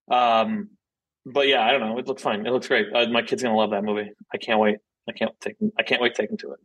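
A man's voice: fairly low pitch, little pitch movement, fast, a bit bright, low-quality recording. A man co-hosting a podcast in casual chat, rambling and opinionated with many restarts. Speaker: podcast co-host.

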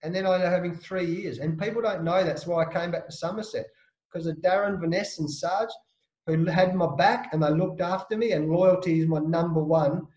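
A man from Australia, a former cricketer, telling a lively, emphatic anecdote as a podcast guest. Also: high voice, brisk, highs cut off. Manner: lively, emphatic storyteller, slangy. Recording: roomy echo.

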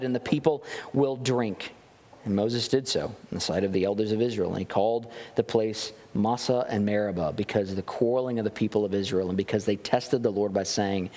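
A male pastor preaching a sermon, reading scripture and acting out quoted voices with big swings in pitch. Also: a little mellow. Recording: long hall reverb.

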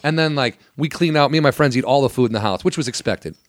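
A man's voice: medium pitch, quick pace, dry recording, clean studio sound. A man telling stories in casual chat, joking and profane.

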